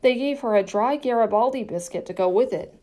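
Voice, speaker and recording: A woman narrating a children's novel audiobook at a measured storytelling pace. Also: on the high side, warm tone.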